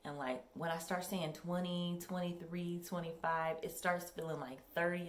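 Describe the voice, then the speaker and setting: A woman's voice: on the low side, steady tone, moderate pace, few pauses, roomy sound. A young woman in casual vlog chat at home, rambling and chatty with many ums. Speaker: vlogger. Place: home workout room.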